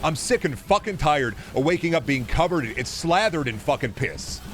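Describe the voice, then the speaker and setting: A man's voice: on the high side, very animated, moderate pace, noisy background. A man ranting on a live stream, swearing constantly and sounding fed up and exasperated. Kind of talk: angry live-stream rant.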